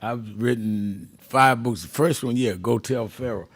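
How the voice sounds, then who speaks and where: A man hosting a radio call-in show, talking in an unhurried, reflective way as he moves on to the next caller. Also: mid-range voice. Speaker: radio talk show host. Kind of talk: casual radio chat.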